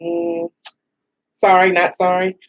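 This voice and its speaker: A middle-aged woman as a radio show guest, talking in a rambling, animated way with many restarts and laughs. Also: on the low side, takes it slowly, poor audio. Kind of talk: casual heartfelt radio conversation.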